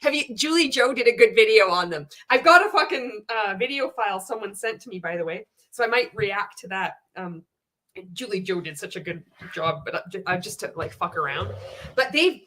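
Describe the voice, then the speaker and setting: A woman's voice: mid-range voice, expressive, moderate pace, sharp tone. A woman giving casual live-stream commentary, blunt and profane, with frequent laughter. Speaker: anti-MLM commentator.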